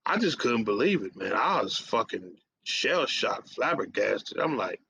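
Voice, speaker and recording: A man's voice: on the low side, very animated, unhurried, gravelly, hardly any pauses, bright, forceful tone, breathy edge, no echo. A man hosting a radio show, telling a casual story in profane streetwise slang and tagging lines with "man". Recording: dull lo-fi audio.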